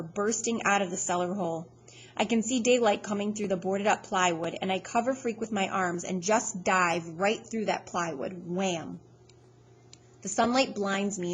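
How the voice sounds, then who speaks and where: A woman narrates a first-person novel in a steady, measured way, mid-pitched and even. A faint background hiss sits under the reading. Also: poor audio. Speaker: audiobook reader.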